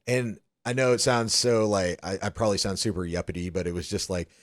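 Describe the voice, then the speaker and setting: A man's voice: sits low, steady tone, brisk, no room sound, studio quality. A man in his thirties co-hosting a podcast, telling stories in a rambling way full of restarts and "like". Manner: rambling storyteller, many restarts and "like". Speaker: podcast co-host. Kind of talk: casual chat.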